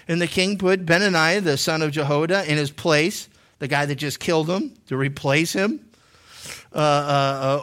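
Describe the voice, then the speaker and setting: A man's voice: on the high side, fairly bright tone. Chatty, joking male pastor preaching. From Massachusetts, USA. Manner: jokey, conversational storytelling with many restarts. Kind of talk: sermon teaching.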